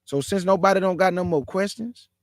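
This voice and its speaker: A man's voice: high voice, fairly quick, no echo, studio quality. A man preaching a sermon with fervent, repetitive exhortations, who also prays aloud in a pleading way. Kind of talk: sermon closing with prayer.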